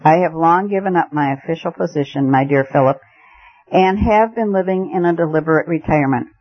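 A man reading aloud as a calm retired judge who speaks in a low, measured, placid way. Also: no room sound, natural voice. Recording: muffled lo-fi recording.

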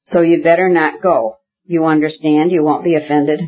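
A reader voicing Varenka, a gentle, soothing young woman with a husky voice. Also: medium pitch, level tone, normal speed, dull audio, lightly acted. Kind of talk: audiobook character reading.

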